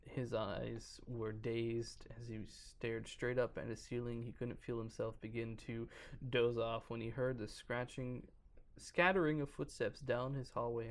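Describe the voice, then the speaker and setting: A man's voice: mid-range voice, gravelly. A man on a podcast casually reading a creepypasta aloud, stumbling over words and breaking off to joke. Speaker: podcast co-host reading a horror story.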